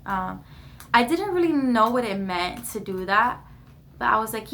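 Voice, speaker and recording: A woman's voice: medium pitch, normal speed, fairly bright tone, a little hiss or hum. A young woman vlogger giving a heartfelt personal testimony to the camera, earnest and repeating words for emphasis. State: emotional at times. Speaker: vlogger sharing her testimony.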